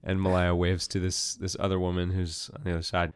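A man narrating a tabletop game as game master, slow and laughing often. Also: deep voice, monotone, smooth, no echo.

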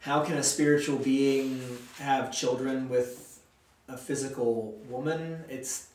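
A man's voice: mid-range voice, fairly even intonation, takes it slowly, a little mellow. A man leading a casual Bible study, talking in a chatty, rambling way. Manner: chatty, rambling, uses fillers. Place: church meeting room. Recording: echoey room, distant mic.

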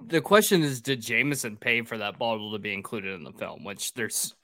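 A man's voice: fairly low pitch, expressive, brisk, bright, forceful tone, no echo, studio quality. A man hosting a casual drinking podcast, recapping a film plot in a profane, rambling way.

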